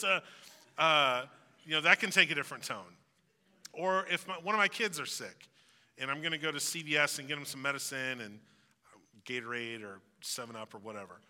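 A man preaching a conversational sermon, relaxed and reflective, acting out everyday phrases to make his point. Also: medium pitch. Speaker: pastor. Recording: long hall reverb.

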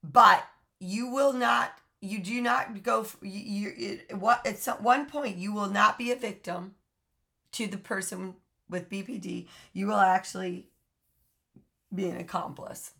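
A woman's voice: mid-range voice, a little slow, creaky, fairly bright tone. A middle-aged woman coaching people in hard relationships, blunt and emphatic, swearing now and then. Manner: blunt, emphatic, swears, mocking sing-song asides. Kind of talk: direct-to-camera coaching talk.

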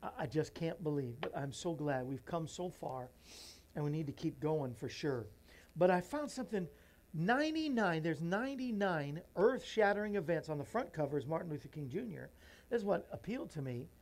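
Man, talk show host, reading a children's book aloud, earnest, folksy asides, emotional, softening voice. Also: on the high side, lively intonation, normal speed. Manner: emotional, voice drops soft and near tears.

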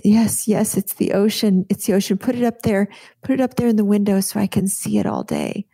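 A woman's voice: a little high, fairly even intonation, fast, no room sound, pitched above the performer's own voice, natural voice. A woman voicing a feisty elderly patient. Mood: tearful thanks. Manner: tender, then bossy and insistent.

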